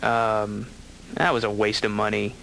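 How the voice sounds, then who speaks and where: A man's voice: fairly low pitch, monotone, a little slow, creaky, sharp tone, a little hiss or hum, poor audio. A man doing a rambling, wry stand-up monologue as a patient. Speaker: comedian patient.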